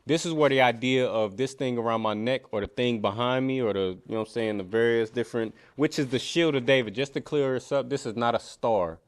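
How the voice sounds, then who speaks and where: A man's voice: mid-range voice, fairly quick, hardly any pauses, smooth. A man teaching a scripture class, preaching conversationally and emphatically, often saying "you know what I mean". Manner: challenging, emphatic. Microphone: computer mic, screen sharing.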